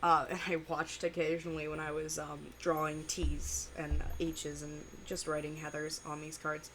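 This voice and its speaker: A woman talks her way through a reaction video. She rambles, stops and restarts, and leans on fillers. Her voice sits slightly low but sounds very bright, with a faint hiss underneath. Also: completely flat delivery. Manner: rambling, many fillers and pauses. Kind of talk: casual reaction commentary.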